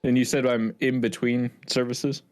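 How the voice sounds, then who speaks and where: A man's voice: mid-range voice, level tone, moderate pace, clean tone, dry recording. A man playing a tabletop game, speaking in a hesitant, thoughtful way. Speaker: player.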